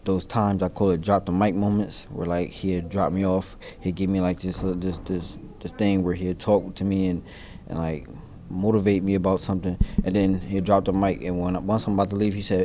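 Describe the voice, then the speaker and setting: Halting man in his thirties, low and mellow. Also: level tone, slight background noise. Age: 30s. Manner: halting, searching for words with many fillers. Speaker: interviewee in a news feature. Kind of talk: reflective interview answers.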